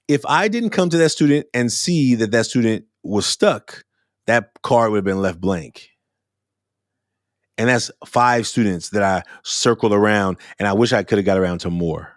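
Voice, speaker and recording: A man who runs youth workshops, talking through his experiences in a casual, animated monologue and acting out students' lines as he goes. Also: lowish voice, no echo, studio quality. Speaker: youth speaker and workshop facilitator. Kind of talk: reflective podcast monologue.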